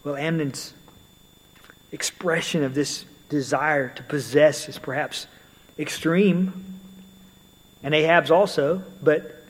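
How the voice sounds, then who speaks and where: Husky-voiced man preaching in a hall. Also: fairly high pitch, fairly even intonation, takes it slowly, pauses often. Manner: conversational, storytelling asides with occasional fillers. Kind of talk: sermon.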